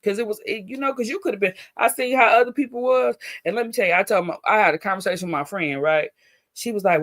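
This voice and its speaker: A woman's voice: mid-range voice, lively intonation, fast talker, dry recording, studio quality. A middle-aged woman chatting casually on a livestream, telling stories about raising her son in a blunt, profane, laughing way. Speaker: livestream host.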